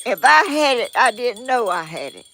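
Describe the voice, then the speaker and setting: An older woman from the southern United States, with a Georgia Southern accent, reads viewer comments in a casual vlog chat. She rambles folksily and pokes fun at herself, her fairly bright voice sitting on the high side with big pitch swings at a moderate pace. A little hiss or hum is audible.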